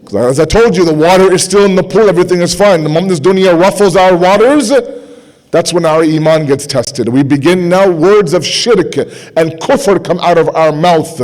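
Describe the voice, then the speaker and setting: A young man giving a sermon to a gathering, impassioned, repeating phrases for emphasis and dropping to quiet intensity. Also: high-pitched, moderate pace. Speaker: speaker at a religious gathering.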